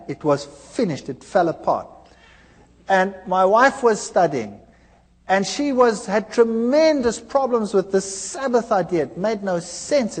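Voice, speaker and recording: A middle-aged man giving a preached personal testimony, telling his story with animated delivery and acting out the dialogue. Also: sits high, big-room sound.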